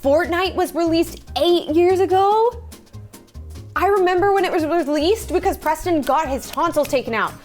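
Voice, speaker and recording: A woman's voice: very high-pitched, normal speed, darkish tone, faint music behind. A young woman hosting a reaction video, chatting casually and reminiscing, easily amazed by what she sees.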